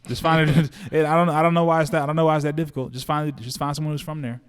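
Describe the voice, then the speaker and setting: A man co-hosting a podcast in casual chat about movies and shows, animated and slangy, repeating words and restarting his sentences often. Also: on the high side, fast talker, clear, resonant tone. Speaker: podcast co-host.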